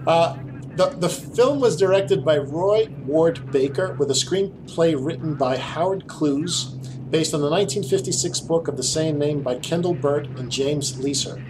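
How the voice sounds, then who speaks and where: Chatty male podcast host, slightly high voice. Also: rough recording. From Queens, New York. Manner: laughing, chatty, stumbles over names. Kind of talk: casual chat and scripted episode intro.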